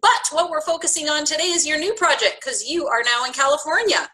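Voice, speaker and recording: A woman hosting a podcast interview, upbeat and quick to laugh, introducing her guest and reading out material. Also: high voice, bright, forceful tone, rough recording. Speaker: podcast host.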